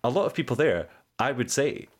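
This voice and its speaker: Animated man, lively pitch. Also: a little fast. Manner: animated, rambling, acts out other people's voices. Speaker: musical theatre podcast co-host. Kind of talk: casual podcast chat. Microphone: remote call.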